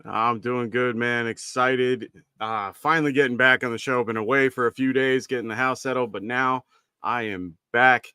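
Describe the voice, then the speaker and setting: A man co-hosting a podcast, introducing a guest in a relaxed, upbeat way. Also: mid-range voice, moderate pace, clear, resonant tone, no room sound, studio quality. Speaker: co-host. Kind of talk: casual podcast chat.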